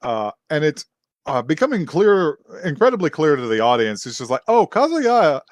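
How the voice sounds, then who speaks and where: A man's voice: a little high, sing-song, normal speed, no room sound, studio quality. A young man co-hosting a podcast, casually recapping an anime episode, often laughing and acting out the characters' lines. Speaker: podcast co-host.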